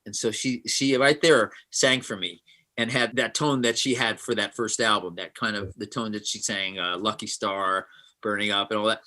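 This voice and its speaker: Brief: guest musician, bright forceful voice, lively anecdotes, plays out every quote. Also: male voice, lowish voice, moderate pace. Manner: animated, acts out quotes. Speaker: session guitarist, guest. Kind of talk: interview storytelling.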